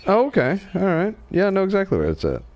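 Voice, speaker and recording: Chatty host with a slight Southern accent. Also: male voice, high voice, huge pitch swings, quick pace, darkish tone, dull audio, a little hiss or hum. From Wyoming, USA. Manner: chatty, joking, narrates gameplay as he goes. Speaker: livestream host. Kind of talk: casual gaming livestream chat.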